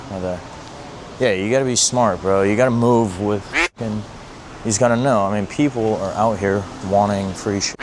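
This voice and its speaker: Over a noisy background, a young man with a fairly low voice rambles bluntly in a car vlog while driving. He swears heavily and keeps saying "bro."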